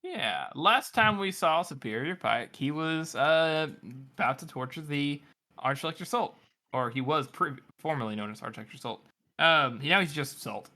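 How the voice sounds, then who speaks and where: A male podcast co-host with a bright, forward voice at an ordinary pitch. He talks in a teasing, easygoing way. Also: animated. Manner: teasing, quick to laugh. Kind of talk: casual chat.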